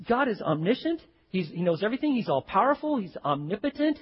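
A male pastor preaching a sermon, swinging from hushed lines to loud, acted-out quotes. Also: sits high, sing-song, fast talker, slightly rough. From Texas. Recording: dull lo-fi recording.

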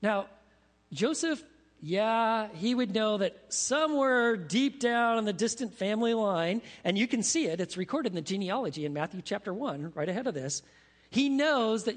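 A man preaching a sermon as pastor, animated, asking his congregation questions as he teaches. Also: high-pitched. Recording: long reverb of a large hall.

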